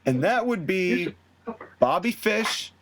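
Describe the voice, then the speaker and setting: A podcast host with a high-pitched, animated voice talks at a slow pace over some background noise. He's casually recapping a fantasy wrestling booking, acting out each character's quotes in shifting voices.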